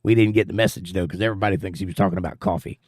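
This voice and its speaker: A man's voice: sits low, fairly even intonation, rapid-fire, darkish tone, no room sound, clean studio sound. A man from Georgia hosting a livestream, reading viewer comments aloud and telling jokey stories in a folksy way. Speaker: livestream host reading chat. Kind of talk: casual chat.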